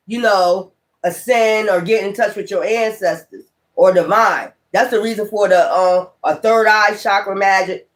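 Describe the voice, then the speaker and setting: A man's voice: high voice, fairly bright tone. A man, a tarot reader, talking in a rambling, profane and emphatic way in a casual spiritual vlog monologue.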